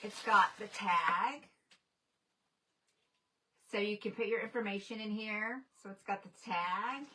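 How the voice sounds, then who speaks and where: Bright-voiced gushing woman. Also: medium pitch, measured pace, long pauses, slight background noise. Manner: gushing and excitable, chatty asides to viewers. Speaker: livestream host. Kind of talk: casual livestream chat.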